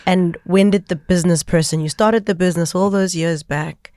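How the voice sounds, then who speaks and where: A woman's voice: lowish voice, steady tone, normal speed, a little mellow, dry recording. Woman hosting an interview, dry sound. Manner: brief attentive responses and questions. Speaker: podcast host.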